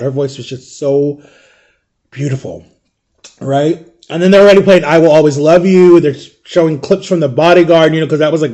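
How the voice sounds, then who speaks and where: A vlogger with a slightly high voice and dark tone shares personal memories in a casual, chatty monologue. He retells them vividly and emotionally, sprinkling his speech with "like" and "right?"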